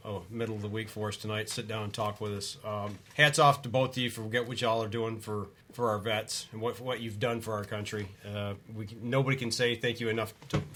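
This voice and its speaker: A man's voice: fairly low pitch, steady tone, a little fast, few pauses, a bit bright, slight background noise. A man hosting a podcast in casual chat, laughing easily and thanking his guests. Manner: laughs easily, reacts with exclamations. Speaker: podcast host.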